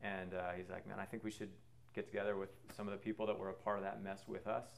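Earnest man sharing a halting testimony. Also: lowish voice, flat delivery, vocal fry, slight background noise. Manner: halting, with many pauses and fillers. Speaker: speaker sharing a faith testimony. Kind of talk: personal testimony talk.

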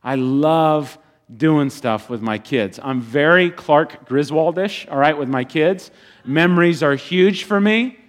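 Man preaching, loud then hushed. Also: a little high, slow pace. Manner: animated preaching, swinging between loud bursts and quiet, hushed passages. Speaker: pastor. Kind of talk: sermon.

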